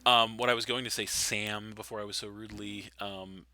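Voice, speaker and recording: A man's voice: lowish voice, steady tone, fairly quick. A man hosting a casual podcast discussion, earnest and emphatic, insisting on finishing his point. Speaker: podcast host.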